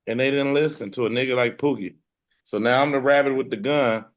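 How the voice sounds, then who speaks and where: A man speaks as the guest in a casual interview, with a voice of ordinary middle pitch. He talks about his music career in a blunt, boastful, streetwise way. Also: fairly even intonation, brisk. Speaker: hip hop artist guest. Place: room with ceiling fan and air conditioner.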